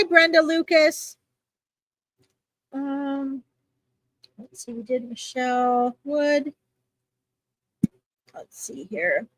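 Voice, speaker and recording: A woman giving chatty, reassuring readings to viewers on a live stream, with lots of fillers and little pauses. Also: high voice, dry recording. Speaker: psychic reader answering viewers.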